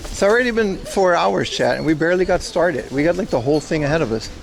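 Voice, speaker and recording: Guy on a walking irl stream, kinda high voice, faint street noise, just chatting w chat. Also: animated, quick pace, creaky. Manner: chatty, joking, reads and answers chat. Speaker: livestream host. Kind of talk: casual IRL livestream chat. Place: outdoors on a city street.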